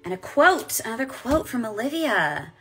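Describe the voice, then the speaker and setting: A woman's voice: on the high side, sing-song, normal speed, bright, forceful tone, faint music behind. A woman in her forties, a voice actress chatting casually on a live stream while signing autographs and reading fan comments aloud. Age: 40s.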